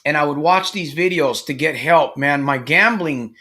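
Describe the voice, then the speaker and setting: A middle-aged man speaks to a live audience as a coach, his voice pitched a little high and sharply bright. He tells stories in an animated way and acts out the characters in them. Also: moderate pace. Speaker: problem gambling coach. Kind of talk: live-stream motivational talk.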